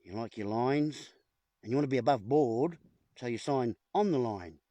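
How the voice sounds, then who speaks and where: A man's voice: medium pitch, normal speed, mellow, no echo. A man rambling to camera at home, playing with puns and calling his viewers folks. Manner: playful, punning, addresses viewers as folks. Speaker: video host. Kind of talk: rambling wordplay monologue to camera. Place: at home with a whiteboard. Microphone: camera in front of him.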